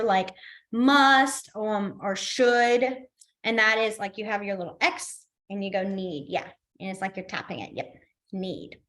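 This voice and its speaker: A woman's voice: a little high, fairly bright tone. Upbeat young woman teaching a class. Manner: upbeat and encouraging, many fillers. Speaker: sign language teacher. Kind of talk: casual online class instruction.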